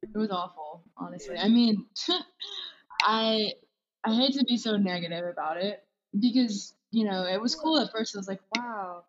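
A woman's voice: medium pitch, animated, moderate pace, muffled recording. A woman talking candidly and bluntly as an interview guest in a casual conversation.

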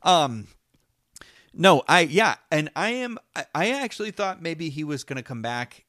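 A man's voice: fairly high pitch, very animated, moderate pace, sharp tone, no room sound, clean studio sound. A man co-hosting a casual fan discussion, talking enthusiastically and rambling through restarts. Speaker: podcast co-host.

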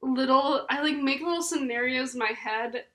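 A woman's voice: high voice, moderate pace, a bit bright. A young woman co-hosting a casual podcast, speaking in a bashful, hesitant way. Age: young adult. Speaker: podcast co-host. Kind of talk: casual chat.

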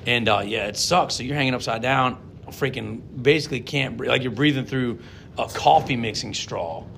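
A man's voice: mid-range voice, moderate pace, vocal fry, fairly bright tone, a little hiss or hum. A man hosting a casual podcast as a monster truck driver, rambling with lots of restarts and frequent laughter.

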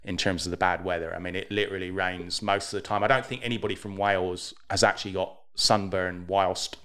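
A man's voice: deep voice, fairly even intonation, a little fast, a bit bright. A man with an English accent co-hosting a podcast, chatting casually with dry, wry humor. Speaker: podcast co-host. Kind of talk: casual chat.

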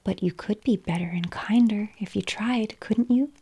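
Woman whispering as a gentle coaxing conscience, whispered role-play. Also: mid-range voice, normal speed, slightly rough.

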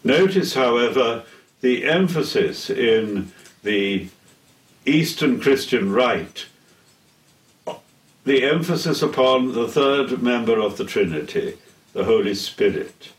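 An older man giving a theology lecture in a deliberate, solemn way, pausing between phrases. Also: medium pitch, lively intonation. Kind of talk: slow measured theology lecture. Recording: echoey room, heard from a distance.

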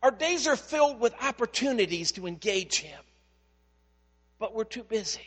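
High-voiced pastor in an echoing hall. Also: male voice, moderate pace. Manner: conversational storytelling, animated. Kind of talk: sermon.

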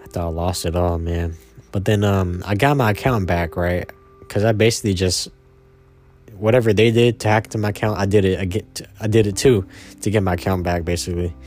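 A man's voice: low-pitched, a little fast, a little mellow, faint music behind. A man in his twenties telling a personal story casually, rambling and slangy, with lots of fillers. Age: 20s. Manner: rambling and slangy, full of "man" and "you know".

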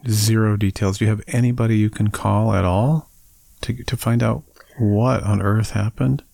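A male host with a gravelly, low voice asks a guest gentle, sympathetic questions. His tone is dark and mellow. The sound is dry and close, with no room echo. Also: fairly even intonation, moderate pace. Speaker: podcast host. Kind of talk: interviewing.

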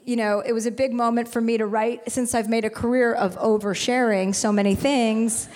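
A woman's voice: a little high, steady tone, normal speed, darkish tone. Woman host, 40s, frank and profane storyteller, live show, long hall reverb. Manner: frank and profane, rambling with restarts. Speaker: podcast host. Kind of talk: candid storytelling on a live podcast. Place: live stage in a venue.

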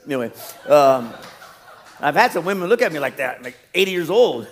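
A middle-aged man preaching a sermon as pastor, swinging from loud emphatic peaks to quiet low asides and jokes. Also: sing-song, fairly quick.

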